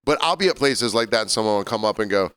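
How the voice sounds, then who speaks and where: A man's voice: fairly low pitch, expressive, quick pace, a bit bright, smooth, no room sound. A man co-hosting a podcast, telling crude stories in casual banter and laughing often. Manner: laughing, storytelling, crude humor. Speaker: podcast co-host.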